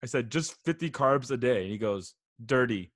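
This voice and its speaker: A young man on a casual podcast, laughing as he reads out texts in a flat, teasing voice. His pitch sits in an ordinary middle range, and the sound is dry and close, with no room around it. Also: fairly quick, dry recording. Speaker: podcast host. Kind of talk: casual chat.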